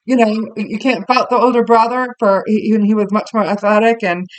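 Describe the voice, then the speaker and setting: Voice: mid-range voice, steady tone, normal speed, clear, resonant tone, no echo, poor audio. A parenting teacher speaking earnestly and conversationally to parents, telling personal stories with many fillers and restarts. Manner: tells personal stories to the listeners.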